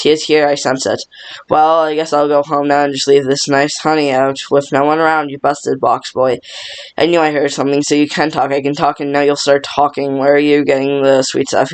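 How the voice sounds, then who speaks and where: A man reading a film script aloud by himself, rushing and stumbling through every part. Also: on the high side. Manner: rushed, stumbling reading with little change between parts. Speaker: script reader.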